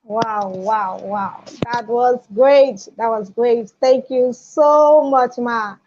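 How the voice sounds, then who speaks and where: A woman's voice: a little high, takes it slowly, a little hiss or hum. Effusive woman host, dull lo-fi sound. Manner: enthusiastic, effusive. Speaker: session host. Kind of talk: hosting an online session. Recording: dull, dry lo-fi audio.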